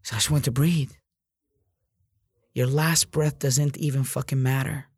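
A man's voice: mid-range voice, steady tone, measured pace, breathy edge, no echo, studio quality. A man in real estate giving an intense, profane motivational monologue, repeating himself for emphasis.

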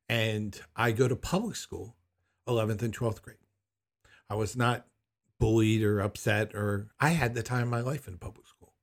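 Husky middle-aged man telling a story. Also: medium pitch. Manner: emphatic, incredulous storytelling. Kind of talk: personal anecdote.

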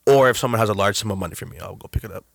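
A man's voice: lowish voice, rapid-fire, creaky, a bit bright, dry recording. A man in a casual chat, talking bluntly and profanely, often breaking into laughter.

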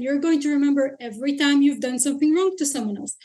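High-voiced woman coach, blunt and direct. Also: fast talker, darkish tone. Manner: direct and matter-of-fact, blunt. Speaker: mindset coach, podcast guest. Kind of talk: casual interview chat.

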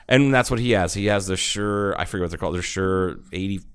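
A man's voice: low-pitched, a little fast, smooth. A man co-hosting a casual podcast, teasing his friend with crude, profane jokes, close on a studio mic. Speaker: podcast co-host. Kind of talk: casual chat. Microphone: studio mic with pop filter.

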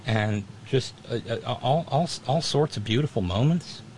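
A man's voice: medium pitch, expressive, a little slow, a little mellow, a little hiss or hum. A middle-aged man, casually chatting and reading viewer comments, rambling with many restarts and wry asides. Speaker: livestream host.

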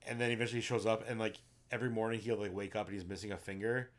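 A man's voice: lowish voice, fairly even intonation, very fast. A man co-hosting a casual podcast, retelling movie plots at length with many ums and likes. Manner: rambling, filler-heavy retelling. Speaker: podcast co-host. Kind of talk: casual chat about movies.

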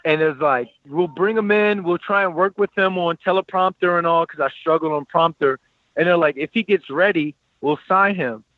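Animated man telling a story, slightly high voice. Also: normal speed, no room sound, phone-quality sound. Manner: animated, quotes people in lively voices. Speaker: guest telling his story. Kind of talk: casual storytelling.

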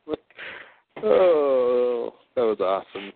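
A man's voice: medium pitch, sing-song, slow pace. A man chatting casually and joking, laughing often as he tries out accents. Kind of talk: casual chat. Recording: tinny phone-like sound.

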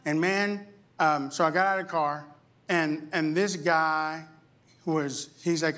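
A man's voice: fairly high pitch, slow pace. A middle-aged male pastor preaching a sermon, telling a story with humor and acting out what people said. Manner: animated storyteller, jokes and acts out quotes.

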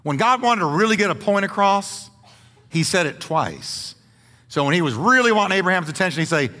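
A man's voice: high-pitched, animated, brisk, pushed and bright, big-room sound. A man preaching a sermon as pastor, emphatic and playful, leaning hard on repeated words for effect. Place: church sanctuary.

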